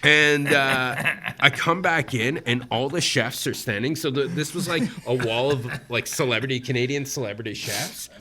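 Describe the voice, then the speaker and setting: A man's voice: medium pitch, moderate pace, hardly any pauses, a little hiss or hum. A man from Egypt, a comedian guest, telling a story casually and acting out the voices of the people in it. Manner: animated, acts out quoted voices.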